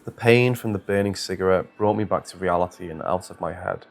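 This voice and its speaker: A man narrating a first-person horror story in a measured, scripted reading. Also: sits low, creaky.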